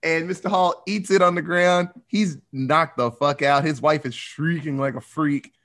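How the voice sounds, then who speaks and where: A man's voice: on the high side, fairly even intonation, moderate pace, fairly bright tone. A man hosting a podcast who casually recaps a film as a rambling storyteller. He swears often and laughs as he talks. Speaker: podcast host.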